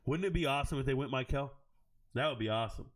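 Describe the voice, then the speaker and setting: A man hosting a livestream, reading chat aloud and riffing on each pick with loud, profane joking. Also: medium pitch. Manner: quick, animated jumps between chat and draft picks. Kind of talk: casual livestream commentary.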